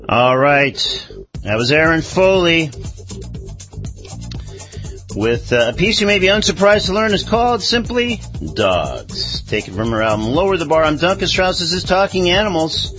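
A man hosting a radio show, reading news and introducing guests in a conversational way with many pauses. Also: a little high, very animated, a bit bright, highs cut off, faint music behind.

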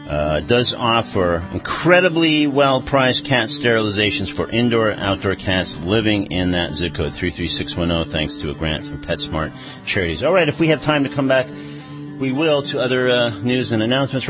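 A man hosting a radio show, reading news and introducing guests in a conversational way with many pauses. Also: mid-range voice, lo-fi sound.

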